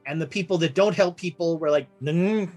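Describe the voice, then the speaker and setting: A woman running a tabletop horror game as game master, laughing often and voicing townsfolk with big pitch jumps. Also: fast talker, a little mellow, faint music behind.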